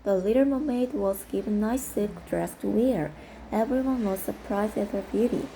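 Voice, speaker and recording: A native Korean woman reading a children's storybook aloud in English, slowly and carefully. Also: medium pitch, creaky, dark tone, a little hiss or hum, low-quality recording.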